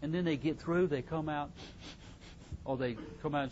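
A man's voice: on the high side, normal speed, a little mellow, muffled recording. Folksy man giving parenting advice. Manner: folksy, repeats himself, chuckles. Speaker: parenting speaker. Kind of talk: casual talk to a live group.

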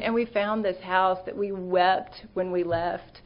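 A woman's voice: medium pitch, measured pace, hardly any pauses, lo-fi sound. A middle-aged woman giving an earnest, conversational sermon talk, telling stories with fillers and restarts.

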